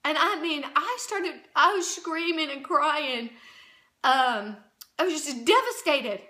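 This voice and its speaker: A middle-aged woman recounts a personal faith testimony in a high, bright voice. She speaks earnestly and emotionally, often breaking off and starting over. Her delivery is heartfelt and unpolished. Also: lively intonation. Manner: earnest, emotional, halting with restarts. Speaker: Christian channel host.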